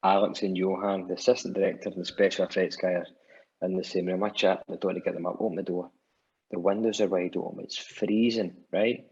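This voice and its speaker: A man's voice: low-pitched, a little fast, husky, highs cut off. A Scottish man, a musician guest, telling a rambling anecdote on a podcast and acting out what people said. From Scotland. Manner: animated storyteller acting out quotes, many restarts.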